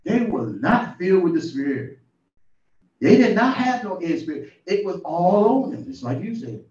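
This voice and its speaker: A man preaches an informal sermon, telling the story in a folksy way and climbing to exclamations. His voice sits a little high and comes from away from the mic. The room is echoey, and the recording is dull and muffled. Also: very animated, moderate pace, a little mellow, recorded from a distance.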